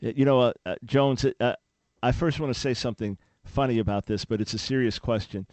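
A man's voice: medium pitch, fairly quick, darkish tone, no room sound. A man hosting a call-in radio talk show, speaking in an earnest, preacherly way with emphatic restarts.

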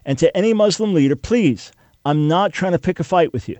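A man's voice: on the high side, animated, fairly quick, a little mellow, no room sound. A man hosting a live talk radio show, speaking with an earnest, emphatic, preacher-like cadence. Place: radio studio. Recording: dry studio mic.

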